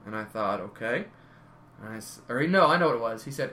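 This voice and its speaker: A man with a medium-pitched, lively voice talks fast with a sharp tone while telling rambling wrestling stories in casual conversation. He often corrects himself mid-anecdote, and there's a slight hiss or hum in the recording.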